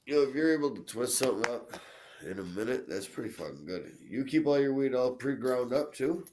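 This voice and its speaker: A man's voice: medium pitch, expressive, a little fast. Co-host, male, stuffy and congested, easygoing swearing banter, faint hiss behind. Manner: laid-back, profane banter. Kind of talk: casual live-stream chat.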